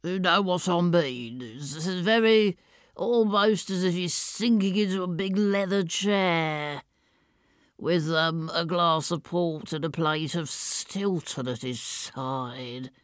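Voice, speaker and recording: A pompous, portly old gent, as a woman puts him on, all wet mouth and lisping sibilance. He wheezes audibly between thick, throaty pronouncements, as if about to run out of breath. The room is dry and close, with no echo. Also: on the low side. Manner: pontificating, slow and thick-throated. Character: portly pompous older man, wheezy and self-satisfied. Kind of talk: demonstrating a character voice.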